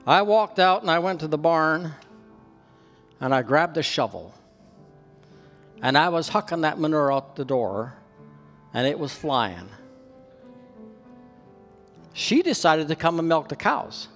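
A man's voice: a little high, sing-song, a little slow, pauses often, fairly bright tone, soft background music. A Canadian man preaching a sermon as pastor, telling a personal story in an earnest way, his voice rising for emphasis. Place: church hall with long reverb. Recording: reverberant hall.

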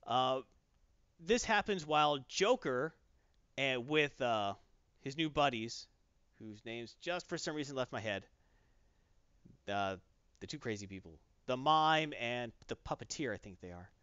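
A man in casual chat, animatedly retelling a comic plot and slipping into quick character voices. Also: medium pitch, expressive, a bit bright, clean tone, no room sound, dull audio.

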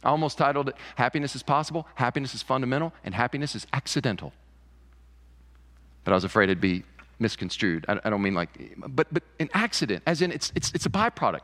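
A man's voice: medium pitch, fairly bright tone. A man preaching a sermon as pastor, emphatic, repeating key phrases. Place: church sanctuary. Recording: church hall reverb.

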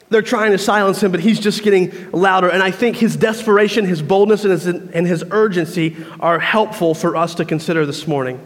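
A man's voice: high voice, a little fast, few pauses. A man preaching a sermon, telling a story and acting out crowd voices. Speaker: pastor. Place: church. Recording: long reverb of a church hall.

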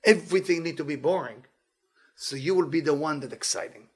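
A man giving a weekly inspirational Torah talk as a teacher, animated and playful, in non-native English phrasing. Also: fairly high pitch, a little fast, slightly rough.

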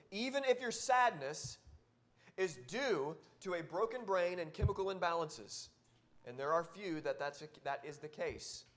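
A man pastor preaching a sermon, exhorting and repeating key phrases, swinging from loud to soft. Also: fairly high pitch. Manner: repetitive, exhortative preaching with wide swings in loudness.

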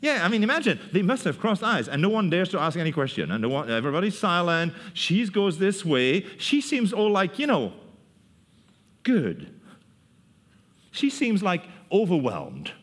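Lively male preacher, fairly high voice, big reverb. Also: normal speed. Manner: lively storytelling, laughs often, acts out voices. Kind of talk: sermon, animated Bible teaching. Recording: long hall reverb.

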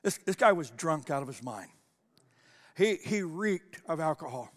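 A male pastor telling a personal story in a conversational sermon, animated and full of restarts. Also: fairly high pitch, moderate pace, big-room sound.

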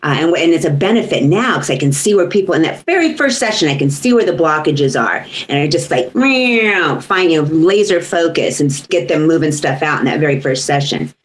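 A woman's voice: sits low, expressive, brisk, hardly any pauses, poor audio. A woman who works as a voice coach, chatting casually in a group conversation.

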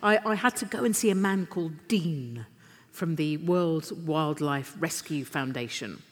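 A middle-aged woman, telling lively, self-deprecating anecdotes as a guest on a festival stage. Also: low-pitched, unhurried. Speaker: interview guest. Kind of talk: live on-stage storytelling. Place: stage in a large literature festival hall. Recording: live hall with long reverb.

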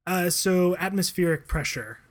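A man co-hosting a casual podcast. His voice sits a little high for a man, and he rambles in a relaxed way, piling up fillers and chuckles as he talks. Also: normal speed. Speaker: podcast co-host. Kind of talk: casual chat.

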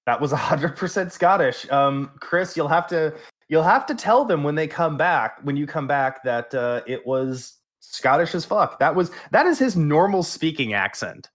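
A man's voice: fairly high pitch, lively intonation, moderate pace. A man hosting a gaming podcast in a laid-back, joking way. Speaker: podcast host. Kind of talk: casual podcast chat.

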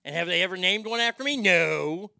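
A man's voice: high voice, lively intonation, brisk, vocal fry, no room sound, studio quality. A man hosting a show, delivering a profane comic rant with mock outrage. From Texas. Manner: ranting, profane, mock outrage with loud outbursts. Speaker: radio show host. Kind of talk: comedic rant.

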